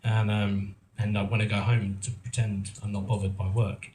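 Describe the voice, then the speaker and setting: A man's voice: fairly low pitch, flat delivery, normal speed, darkish tone, reverberant, slight background noise. Rambling middle-aged man at a live event. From England. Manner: rambling and self-mocking, many ums and restarts. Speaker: actor and producer giving a talk. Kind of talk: casual storytelling to a live audience. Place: event venue in a roomy hall.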